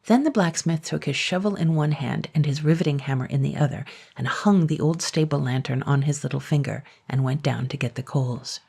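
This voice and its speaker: Brief: calm, unhurried woman storyteller reading a fairy tale, gravelly low voice.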